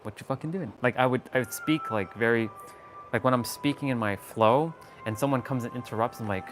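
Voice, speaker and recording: A man streaming himself at play, tossing out playful trash talk and curses at the game's enemies. His voice sits at an ordinary middle pitch, and music plays clearly behind him. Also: fairly quick, rough recording. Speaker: live streamer playing a video game. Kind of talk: casual live-stream gameplay chat.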